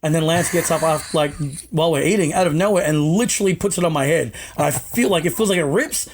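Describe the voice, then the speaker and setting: A man's voice: on the high side, fast talker, slight background noise. A young Australian man in his twenties, a podcast guest telling casual, self-mocking anecdotes with the odd swear word. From Melbourne, Australia.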